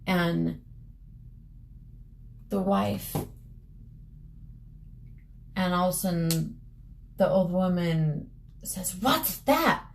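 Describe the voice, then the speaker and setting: A woman's voice: fairly low pitch, little pitch movement, very slow, vocal fry, pauses often, a little mellow, a little hiss or hum. A young woman vlogger casually retelling a story at home while getting ready, with loose restarts and "she's like" phrasing, recorded on a camera mic.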